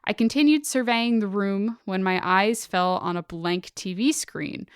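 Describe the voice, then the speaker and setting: A woman's voice: medium pitch, unhurried, crowd noise. A woman podcast co-host reading out a listener's spooky story in a casual, dramatic, swearing way.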